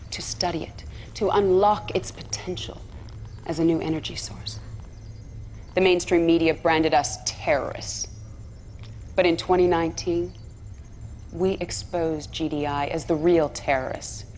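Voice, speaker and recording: A woman playing a calm cult recruiter. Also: lowish voice, a little hiss or hum, natural voice. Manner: smooth, measured recruiting narration. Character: female cult propagandist, calm and persuasive. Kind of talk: game cutscene narration.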